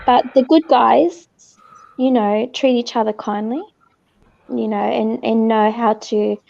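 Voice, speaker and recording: A woman's voice: fairly high pitch, steady tone, slow, creaky, darkish tone, dry recording, muffled recording. A woman chatting casually on a livestream, giggly and hesitant, full of fillers.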